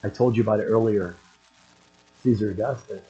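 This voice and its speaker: An older man preaching a sermon, husky-voiced, often clearing his throat and building to emphatic, raised passages. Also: on the low side, steady tone, brisk, mellow, muffled recording. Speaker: pastor.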